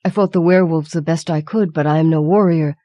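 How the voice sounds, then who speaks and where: A woman's voice: low-pitched, fairly even intonation, fast talker, dry recording, lo-fi sound, close to an everyday voice. A woman reading the part of a wounded young man, speaking weakly and faintly. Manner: weak and faltering.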